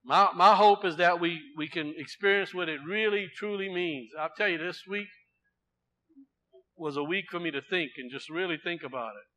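High, bright-voiced male preacher. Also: moderate pace, rough recording. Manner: swings between loud proclaiming and quiet, low asides, with repetition. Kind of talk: sermon.

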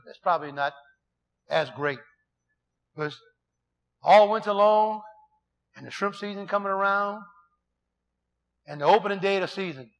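Middle-aged man preaching, pretty high voice, folksy and emphatic, slows right down for scripture. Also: fairly bright tone. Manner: folksy and emphatic, reads scripture slowly, tells stories with quoted dialogue. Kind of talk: sermon with scripture reading and personal stories.

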